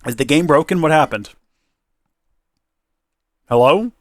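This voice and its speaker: A man's voice: a little high, expressive, unhurried, no room sound. A man hosting a casual gameplay video, talking in a rambling, self-deprecating and flustered way. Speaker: let's play host.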